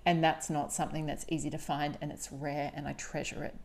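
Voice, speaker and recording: Woman, low voice, solo podcast host, candid, emphatic, swearing. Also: level tone, a little fast. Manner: candid, confessional.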